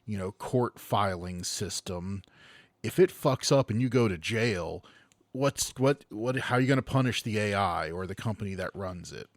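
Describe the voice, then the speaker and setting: A man's voice: fairly low pitch, moderate pace, dry recording. A man co-hosting a podcast in casual chat, rambling and sarcastic, stumbling over his words. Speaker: podcast co-host.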